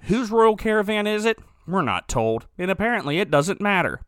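A man's voice: high voice, big pitch swings, moderate pace, fairly bright tone, clean tone, dry recording, studio quality. A man hosting a comedy podcast, retelling a movie plot in a rambling, sarcastic way and often correcting himself.

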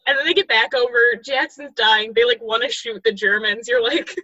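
A woman with a bright yet husky voice, a little high, joins the casual recap and laughs as she talks. Her mic sounds dull and slightly lo-fi, and dry. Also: steady tone, moderate pace, no room sound. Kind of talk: casual chat recapping a TV episode.

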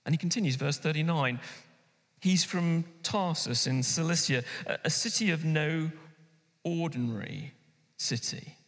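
A man preaching a sermon as pastor, animated and emphatic, slowing down and pausing for effect. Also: on the high side. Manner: animated, emphatic preaching with sudden pauses and slowdowns. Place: church hall. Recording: long hall reverb.

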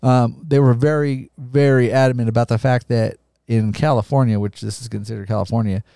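A man co-hosting a podcast, telling a rowdy story in casual chat, swearing a lot, laughing often and acting out his own quoted lines in a higher voice. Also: fairly even intonation, a little fast, gravelly, mellow, clear, resonant tone, no echo, clean studio sound. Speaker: podcast co-host.

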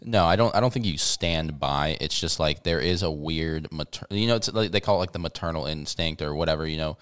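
A man's voice: very deep voice, brisk, fairly bright tone, clean tone. A young man and father co-hosting a podcast, telling stories in a rambling, cussing way full of fillers. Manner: rambling storyteller, swears freely, lots of fillers. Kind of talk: casual podcast chat.

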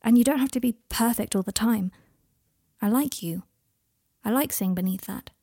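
Brief: woman reader as an earnest young wizard man, husky, dry close sound. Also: a little high, moderate pace, warm tone, no echo.

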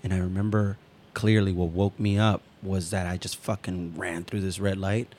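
A man's voice: deep voice, level tone, normal speed, a little mellow, slight background noise. A man co-hosting a casual podcast, telling long personal anecdotes and swearing freely. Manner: swears freely, rambling anecdotes, acts out quotes. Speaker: podcast co-host. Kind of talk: casual storytelling chat.

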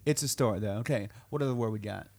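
A man's voice: fairly low pitch, quick pace, a little mellow, dry recording. Man hosting a comedy sketch; coaxing and repetitive; dry, close sound. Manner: persuasive, coaxing, repeats himself.

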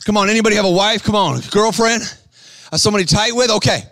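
A man preaching a sermon to a live crowd, shouting to rouse the audience and calling for responses. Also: sits high, no echo. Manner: bursts of quick patter between slow, stressed lines.

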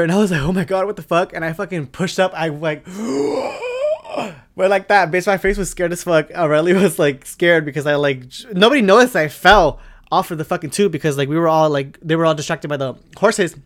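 Young guy from arizona doing a story time podcast, kinda high voice, swears nonstop, rambles. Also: a bit bright. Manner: profane, rambling, dramatic retelling. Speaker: podcast host. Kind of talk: casual storytelling.

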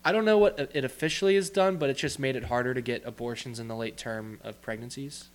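A man's voice: mid-range voice, fast talker. Young man, podcast co-host, casual chat, opinionated and rambling, mid-range voice. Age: young adult.

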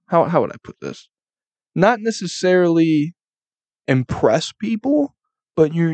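Swearing constantly and peppering his talk with "like," a young construction painter rambles through a casual rant. He has a slightly mellow, mid-range voice, and there's no echo on the recording.

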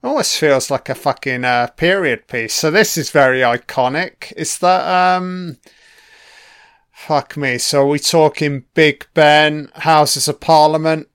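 A man's voice: a little high, a little slow, fairly bright tone, clear, resonant tone, dry recording, clean studio sound. A man giving a casual, rambling film commentary, swearing freely and chuckling between asides.

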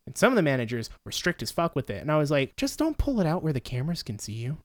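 A woman's voice: low-pitched, very animated, fast, no echo. A woman co-hosting a podcast in casual chat, blunt and swearing freely. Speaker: podcast co-host.

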